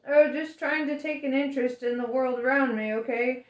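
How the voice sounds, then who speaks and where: A woman voicing a glib, quick-thinking male space traveller, talking in a smooth and persuasive way. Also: high voice, fairly even intonation, voice pushed up, lightly acted. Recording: roomy echo.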